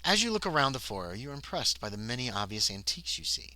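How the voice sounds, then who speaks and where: A man's voice: mid-range voice, sing-song, quick pace, bright, forceful tone, no echo, rough recording. A man playing a solo tabletop horror scenario on a livestream, reading the text aloud and breaking off into muttered asides. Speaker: solo tabletop game player and narrator.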